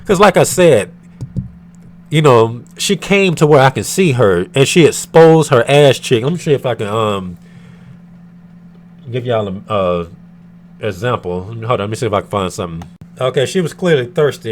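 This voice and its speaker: A man's voice: mid-range voice, expressive, measured pace, a little hiss or hum. A man from the United States telling a storytime rant to his viewers in an irritated, profane, rambling way with many fillers. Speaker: vlogger.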